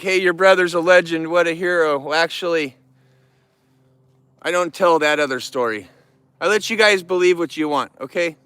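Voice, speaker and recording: A man talking straight to camera in a rambling, heartfelt way, his voice smooth and resonant. He sits a little higher than most men and gets worked up and bitter easily. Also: a bit bright, no room sound. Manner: emotional, rambling, earnest. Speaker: vlogger who keeps bears. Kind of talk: casual talk to camera.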